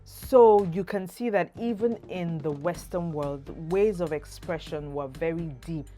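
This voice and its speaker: Low-voiced Nigerian woman telling stories. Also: measured pace, soft background music. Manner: expressive, humorous storyteller. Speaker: vlogger. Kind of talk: casual talk to camera.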